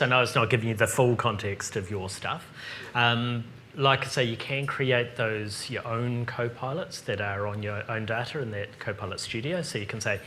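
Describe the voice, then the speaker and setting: Kiwi man presenting a tech seminar, relaxed and chatty, light noise behind. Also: mid-range voice, moderate pace. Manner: casual, chatty, lots of ums. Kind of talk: live seminar Q&A.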